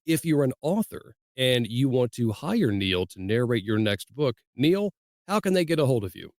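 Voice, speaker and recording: A man hosts a podcast in a folksy, easygoing way. His voice sits at a middle pitch. The recording is close and dry. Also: big pitch swings, normal speed, a little mellow, no echo. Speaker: podcast host. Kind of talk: hosting an interview podcast.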